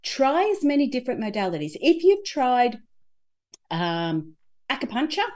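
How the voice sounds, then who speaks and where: Lively, mellow-voiced woman. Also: sits high, a little slow. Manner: animated, acts out inner dialogue. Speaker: guest. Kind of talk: conversational interview.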